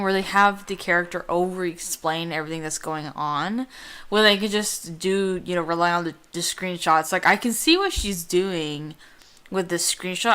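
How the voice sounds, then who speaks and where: A woman's voice: lowish voice, bright, forceful tone, clear, resonant tone. A woman hosting a let's play from a room at home, rambling casually and reading game text aloud. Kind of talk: casual gameplay commentary.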